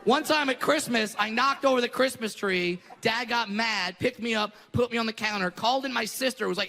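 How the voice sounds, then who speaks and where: Guy doing standup, high gravelly voice, bright and tense, echoey hall. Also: fairly quick, hardly any pauses. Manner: shouting punchlines. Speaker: stand-up comedian. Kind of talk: stand-up set. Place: comedy club stage.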